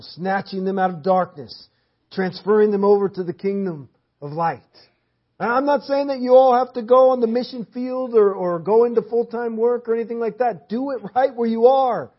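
In dull, lo-fi sermon audio, a man with a high-pitched, slightly rough voice preaches in a church hall. He leans on emphatic, repeated phrases to drive his points home.

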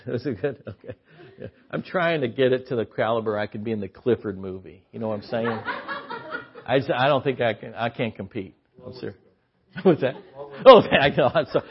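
A man preaching a sermon as an animated, joking storyteller, on a dull lo-fi recording. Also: medium pitch, slight background noise.

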